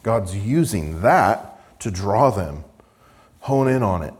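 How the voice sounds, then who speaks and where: A man with a fairly low voice delivers a sermon. He reads scripture aloud with mounting emphasis and slips into dry sarcasm to make a point. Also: a little mellow. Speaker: preacher.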